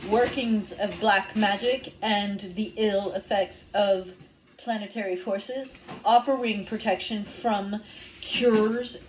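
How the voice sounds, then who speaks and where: A woman reading a tarot card aloud and guiding a ritual, slow and soft, with casual swearing between readings. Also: mid-range voice, fairly even intonation, a little hiss or hum, rough recording. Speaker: tarot reader.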